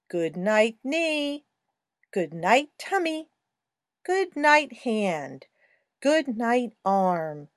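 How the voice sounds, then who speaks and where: A woman giving a slow, scripted language lesson in a clear, sing-song teaching voice. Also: on the high side, no echo, clean studio sound.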